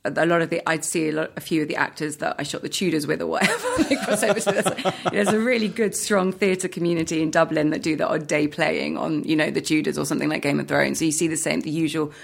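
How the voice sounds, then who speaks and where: A woman's voice: low-pitched, fairly even intonation, fast talker, vocal fry, hardly any pauses. A woman, an actor, chatting in an interview, hesitant with many fillers and restarts, laughing often. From Britain. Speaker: actor guest. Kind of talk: casual interview chat.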